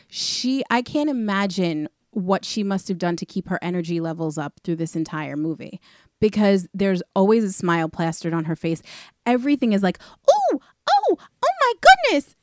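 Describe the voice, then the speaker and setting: A woman's voice: lowish voice, no echo, clean studio sound. A woman from the New York area co-hosting a podcast, talking about a movie in an enthusiastic, conversational way. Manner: enthusiastic, conversational, fillers like "like" and "you know". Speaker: podcast co-host. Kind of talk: casual movie discussion.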